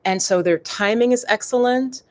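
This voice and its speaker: A woman's voice: on the high side, normal speed. A middle-aged woman hosting a live stream on yoga and meditation, chatting casually and wandering off on tangents, often calling her viewers "you guys.".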